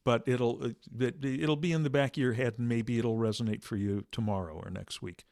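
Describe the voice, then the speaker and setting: A man leading a meditation discussion, speaking softly and reflectively with halting restarts. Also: medium pitch, steady tone, creaky, no room sound, studio quality. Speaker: meditation teacher.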